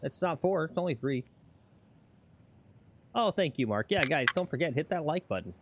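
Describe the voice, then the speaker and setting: A man's voice: on the high side, lively intonation, normal speed, noisy background. A man co-hosting a casual golf livestream, reading chat and teasing with mock announcer bits.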